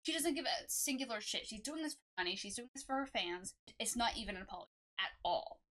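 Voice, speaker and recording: A young woman giving a sarcastic, exasperated reaction commentary, jumping up in pitch to make her points. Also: animated, quick pace, bright, forceful tone. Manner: sarcastic, exasperated, swings high for emphasis. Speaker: commentary YouTuber. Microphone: home mic with noise suppression.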